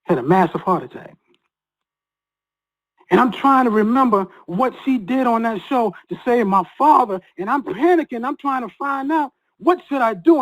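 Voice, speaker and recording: A man's voice: very high-pitched, expressive, a bit bright, poor audio. Earnest man telling a personal story. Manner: earnest, halting, with many repeated restarts. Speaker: guest sharing a personal story.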